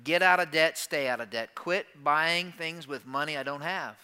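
Male pastor, sermon, very bright tone, slightly high voice, chatty, rhetorical questions, voices listeners' doubts. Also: moderate pace, clean tone. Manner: conversational, asks rhetorical questions and acts out listeners' objections.

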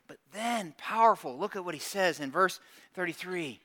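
A man's voice: sits high, lively intonation, moderate pace, bright, forceful tone. A male pastor preaching a sermon with emphatic call-and-response, putting direct questions to his congregation.

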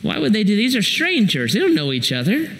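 Animated preaching man in a reverberant hall. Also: high voice, a little fast, slight background noise. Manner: animated preaching with storytelling asides. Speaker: pastor. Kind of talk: sermon. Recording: long reverb in a large hall.

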